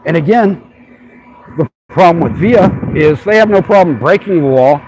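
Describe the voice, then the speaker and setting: A man's voice: fairly high pitch, expressive, moderate pace, background noise. A man ranting on a casual livestream from a city sidewalk, irritated and swearing freely as he films. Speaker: street filmer livestreaming.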